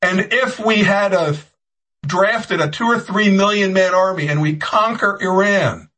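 Husky man in heated political commentary. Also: high voice, unhurried, bright, forceful tone, rough recording. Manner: rambling, frequent restarts, sarcastic jabs.

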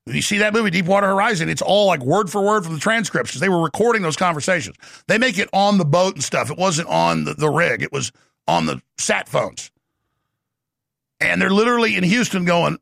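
Gravelly ranting man, high voice. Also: expressive, a little fast, dry recording, studio quality. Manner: gravelly, shouting, mocking impressions. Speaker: political talk show host. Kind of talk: ranting political commentary.

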